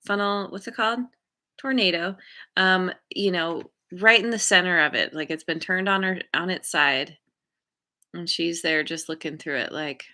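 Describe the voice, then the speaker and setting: Slow, bright-voiced woman reading tarot. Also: lowish voice. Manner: gentle and meandering, searching for words; encouraging, spiritual. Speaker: tarot card reader. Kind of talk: intuitive tarot reading for viewers.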